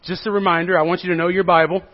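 A man with a high voice preaches a sermon. He retells the story with humor and plays out the quotes, swinging from loud to hushed. The recording sounds dull and lo-fi. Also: little pitch movement, racing. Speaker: pastor.

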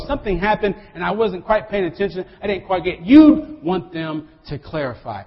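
Male pastor, animated sermon delivery, husky high voice, long reverb in a dull church recording. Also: moderate pace, hardly any pauses. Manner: animated, talks to the congregation, acts out quotes.

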